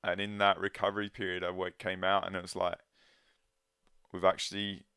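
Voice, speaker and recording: A man speaking as a guest in a casual conversation, earnest and halting, often restarting his sentences. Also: low voice, level tone, pushed and bright, clean tone, no room sound, clean studio sound.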